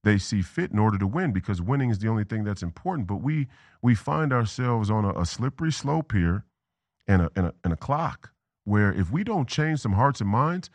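A man's voice: fairly low pitch, very animated, brisk, dry recording. A man hosting a political talk show, delivering a rambling commentary monologue, repeating and restarting words and drifting into tangents. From Minnesota.

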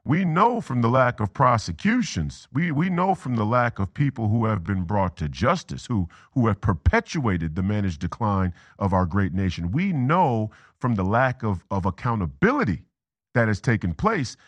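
A fairly low, sing-song voice at a moderate pace belongs to a Minnesota man hosting a political talk show, with no room sound. His monologue rambles into tangents as he repeats and restarts words.

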